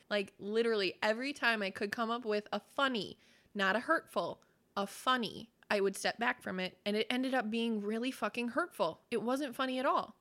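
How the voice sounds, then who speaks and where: A woman's voice: on the high side, brisk, sharp tone. A woman co-hosting a podcast in casual chat, effusive and giggly, swearing freely. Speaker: podcast co-host.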